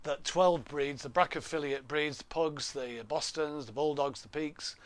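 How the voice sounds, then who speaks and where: A man's voice: fairly high pitch, unhurried. Chatty man hosting a live stream. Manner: chatty, jokey, reads out viewer names, laughs often. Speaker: livestream host. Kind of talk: casual live stream chat. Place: home room. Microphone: laptop webcam.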